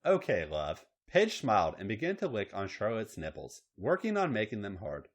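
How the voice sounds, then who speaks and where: A man's voice: on the low side, huge pitch swings, a little fast. A man hosting a podcast, reading a story aloud in a matter-of-fact way. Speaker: podcast host and story reader. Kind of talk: reading erotic fiction aloud.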